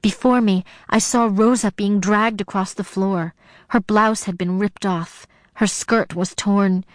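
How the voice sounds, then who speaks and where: A woman reads a first-person suspense story aloud with tense, dramatic storytelling. Her voice sits at an ordinary mid pitch, and the recording is dry and close with no room sound. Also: steady tone, unhurried, dry recording. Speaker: narrator. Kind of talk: first-person audiobook narration.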